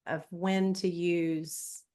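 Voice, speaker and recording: A woman hosts a podcast in a relaxed, conversational way. She laughs often and pokes fun at herself as she talks. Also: fairly low pitch, drawn-out words. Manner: laughs often, self-deprecating. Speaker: podcast host.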